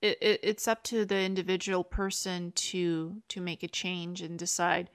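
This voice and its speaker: A woman's voice: on the low side, flat delivery, moderate pace, clean tone. Earnest upbeat woman hosting spiritual talk. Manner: earnest, upbeat, acts out inner voices. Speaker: host. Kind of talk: spiritual interview chat.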